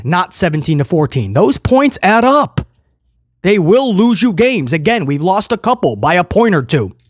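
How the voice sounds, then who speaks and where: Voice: medium pitch, no room sound, clean studio sound. A football fan giving a casual, sarcastic game review monologue as the show's host. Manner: sarcastic, joking and exasperated.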